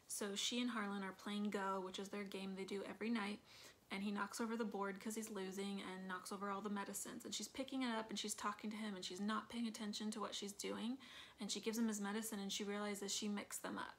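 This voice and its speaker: A woman's voice: medium pitch, a bit bright. A woman chatting casually in a movie review, retelling scenes with acted quotes and lots of fillers.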